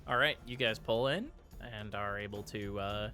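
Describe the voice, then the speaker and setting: A man's voice: lowish voice, moderate pace, sharp tone, soft background music. A man narrating as game master of a tabletop game, hesitant with many restarts.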